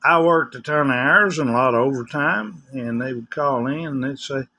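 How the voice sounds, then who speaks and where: A man's voice: mid-range voice, moderate pace, sharp tone. An older man with a West Tennessee accent, chatting casually in a rambling, folksy vlog. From West Tennessee, USA. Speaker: vlogger. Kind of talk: casual chat.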